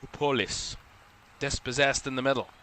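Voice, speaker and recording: A man giving relaxed live play-by-play commentary on a football match for a watchalong stream, chatty and a little drowsy, yawning now and then and correcting himself as he goes. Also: mid-range voice, normal speed, slight background noise. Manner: relaxed, chatty, thinking aloud with small self-corrections.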